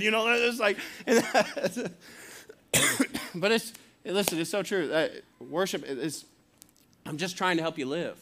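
Excitable rambling male pastor. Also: sits high, normal speed. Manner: excitable, rambling storytelling with many restarts. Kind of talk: sermon.

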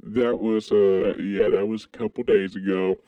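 A man from Kentucky co-hosting a crude comedic podcast, talking in an animated way with sudden high exclamations. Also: moderate pace, no room sound, phone-quality sound. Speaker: podcast co-host.

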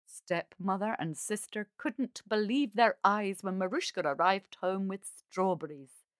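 Slow calm woman reading a fairy tale. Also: medium pitch, dry recording, clean studio sound. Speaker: storyteller. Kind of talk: storybook reading.

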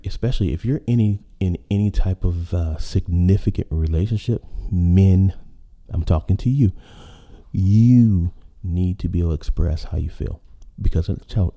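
A man's voice: deep voice, moderate pace, warm tone. A man hosting a podcast, talking in a rambling casual monologue full of fillers and restarts. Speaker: podcast host.

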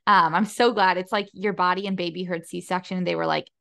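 A woman's voice: lowish voice, fairly even intonation, fairly quick, vocal fry, bright, forceful tone. A woman hosting a podcast interview, reacting often and asking follow-up questions in casual chat. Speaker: podcast host.

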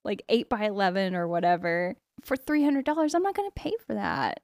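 A woman's voice: medium pitch, sing-song, a little fast, a little mellow, no echo, clean studio sound. A young adult woman co-hosting a podcast in casual chat, candid and joking. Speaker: podcast co-host.

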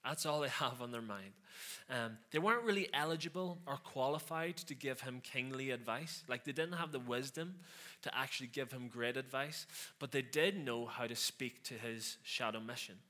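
A man's voice: medium pitch, bright, forceful tone. A man preaching a conversational sermon, with sarcastic asides and frequent questions to the listeners.

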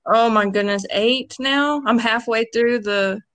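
A woman's voice: on the high side, measured pace, fairly bright tone, no echo. A woman guest on a podcast, a salon owner, chatting in a friendly, easygoing way. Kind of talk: casual chat.

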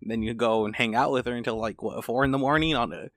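A man's voice: mid-range voice, quick pace, a bit bright, no echo, clean studio sound. A young man co-hosting a podcast, telling loose, rambling stories and laughing through them. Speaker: podcast co-host. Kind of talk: casual chat.

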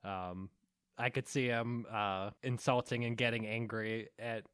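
A man's voice: lowish voice, fairly even intonation, a little slow, fairly bright tone, smooth, no echo. Podcast guy who cant stop laughing, rambly casual chat, dead dry sound. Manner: laughs constantly, loose rambling talk. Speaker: podcast co-host.

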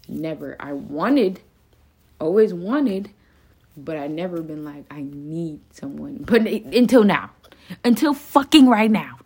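A young woman with a notably low voice talks alone to her listeners in a raw, confessional ramble. She swears freely and leans on fillers like "like" and "um" as she vents. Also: very animated, a little slow, a little mellow, slightly rough. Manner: profane, rambling, venting; frequent fillers like "like" and "um". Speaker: podcast host. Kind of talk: confessional solo monologue.

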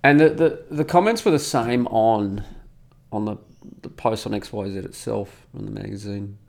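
A middle-aged Australian man, a commentator, reads out comments in a casual monologue. His voice is fairly low, creaky and slightly mellow, at normal speed, and he sounds indignant and emphatic, repeating words for effect.

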